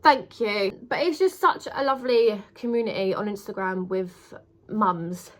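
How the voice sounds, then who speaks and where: A woman's voice: mid-range voice, unhurried. A young woman chatting casually to camera, gushing and emotional, repeating words for emphasis. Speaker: vlogger.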